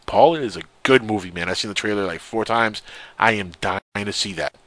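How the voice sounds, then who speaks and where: A man's voice: on the low side, fairly quick, a bit bright, no echo. A man hosting a radio talk show, reading a news story aloud and mocking it with sarcastic asides. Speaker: radio host. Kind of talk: casual joking radio chat.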